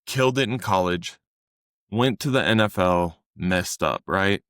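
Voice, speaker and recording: Earnest low-voiced man on a dry podcast mic. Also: expressive, measured pace, a bit bright, clear, resonant tone, dry recording. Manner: earnest, conversational, acts out quotes with raised voice. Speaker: fitness coach and podcast co-host. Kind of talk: casual podcast chat.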